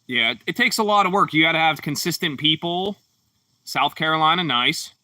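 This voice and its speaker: A man hosts a relaxed livestream, wandering from comment to comment with plenty of ums and you-knows. His voice is very bright and a little forward in tone. He sits back from the microphone in a dry, dead room. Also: a little high, a little fast, no room sound, distant mic. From Pittsburgh, Pennsylvania. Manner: laid-back, rambling, frequent fillers. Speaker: livestream host. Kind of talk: casual livestream chat reading comments.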